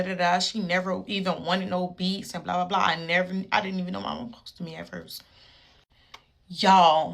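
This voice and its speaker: A young woman, telling an animated, casual storytime straight to her viewers. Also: medium pitch.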